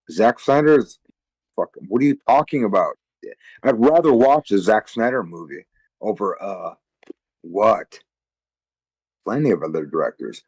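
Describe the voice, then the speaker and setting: A lowish, tired male voice rants crudely and swears constantly on a livestream. He rambles, and his talk jumps from point to point. The sound is dry and close. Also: lively intonation, moderate pace, a little mellow, dry recording, rough recording. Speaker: livestream co-host. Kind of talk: casual livestream rant.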